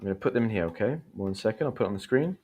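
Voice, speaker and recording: Over dull audio, a man with a lowish, mellow, husky voice races along animatedly. He's an English teacher on a livestream, chatting, teaching, encouraging his viewers and reading out their comments.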